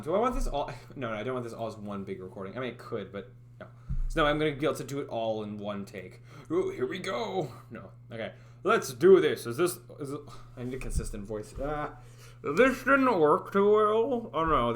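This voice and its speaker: A man's voice: mid-range voice, expressive, quick pace. A man streaming live, chatting casually and rambling, doubting himself and laughing at his own attempts. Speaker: streamer making a game. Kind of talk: casual livestream chat.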